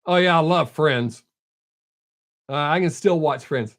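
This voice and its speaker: A man's voice: fairly high pitch, unhurried, fairly bright tone. A man chatting casually on a live stream, answering viewers bluntly and without a filter. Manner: blunt, unfiltered, reads out viewer names.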